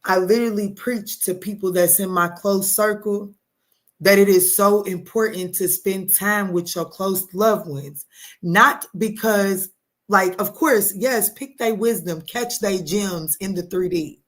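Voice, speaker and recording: A woman giving a live tarot reading, talking straight to her viewers in an animated, emphatic way, using pet names and casual swearing. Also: medium pitch, unhurried. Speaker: tarot reader answering live chat.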